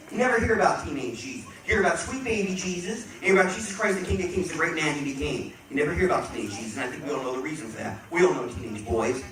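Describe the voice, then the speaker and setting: Stand-up comic, male, high and lively voice, punchy crowd work, recorded far off in an echoey club with a loud laughing crowd. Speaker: stand-up comedian. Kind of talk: stand-up comedy set. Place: comedy club stage. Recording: echoey club audio from a distance. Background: audience laughter and room noise.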